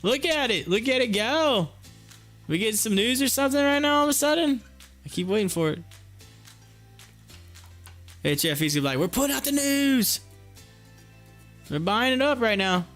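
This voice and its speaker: Chatty high-voiced man streaming trades. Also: expressive, normal speed, long pauses, fairly bright tone, faint music behind. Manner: chatty, reads viewer comments aloud, laughs often. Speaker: livestream stock trading host. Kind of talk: casual live-stream commentary.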